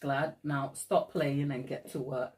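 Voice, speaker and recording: A woman's voice: a bass voice, fairly even intonation, unhurried, darkish tone. A woman giving a live cake decorating tutorial in a kitchen, chatting and laughing often at herself.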